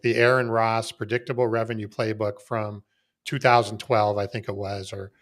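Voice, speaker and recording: A man's voice: lowish voice, flat delivery, normal speed. A man hosting a podcast interview, building up to his question in a long, rambling way with frequent restarts. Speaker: podcast host.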